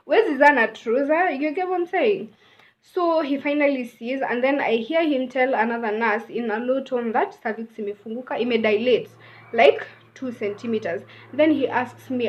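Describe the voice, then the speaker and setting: Young Kenyan woman, vlogger, casual chatty storytime, high-ish voice, lo-fi muffled mic. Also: normal speed. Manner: chatty, mixes in Swahili phrases.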